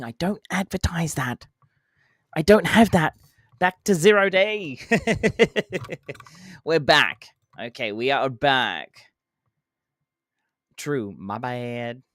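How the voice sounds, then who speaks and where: A game streamer chatting through a live play session, with a voice that swings widely up and down while keeping an easy, slow pace. They answer chat, count down jumps and toss in playful sound effects. The sound is close and dry. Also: medium pitch, fairly bright tone, dry recording.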